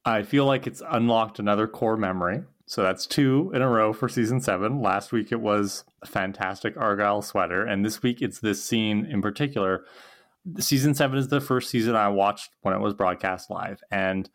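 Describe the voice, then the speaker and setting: A man co-hosting a casual recap podcast, musing enthusiastically about a scene he loves. His voice is on the lower side and his talk runs in long, thoughtful stretches. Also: normal speed, a bit bright. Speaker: podcast co-host.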